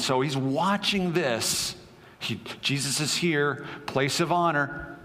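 A man's voice: mid-range voice, moderate pace, a bit bright, big-room sound. A male pastor preaching a sermon, telling a story conversationally with asides to the congregation.

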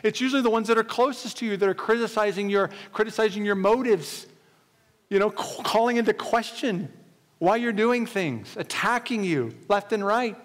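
A man delivering a sermon who keeps slipping into the voices of the people in the story. His voice sits high, and a long reverb trails each phrase around a large hall. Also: moderate pace. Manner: retells scripture in lively modern paraphrase, voicing characters. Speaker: pastor.

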